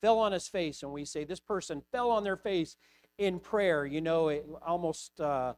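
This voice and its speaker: A man's voice: a little high, moderate pace, darkish tone. A middle-aged man preaching a personal sermon, hesitant with repeated words, rising to impassioned pleading. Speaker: pastor.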